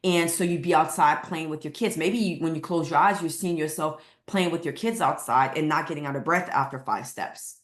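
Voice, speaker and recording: A woman's voice: deep voice, brisk, hardly any pauses, reverberant. A woman weight loss coach speaking to camera with emphatic, repeated motivational lines.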